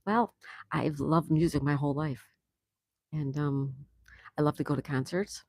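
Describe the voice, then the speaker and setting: A woman's voice: deep voice, unhurried, darkish tone, dry recording. A woman hosting a casual live stream, chatting and laughing as she greets viewers and answers their comments. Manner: laughs often. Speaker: livestream host. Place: home in Florida.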